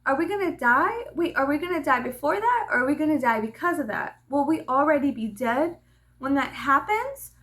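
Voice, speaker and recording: A woman voicing a loud, frightened little girl who fires off worried questions about dying. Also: very animated. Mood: alarmed. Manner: high, shrill, rapid-fire questions.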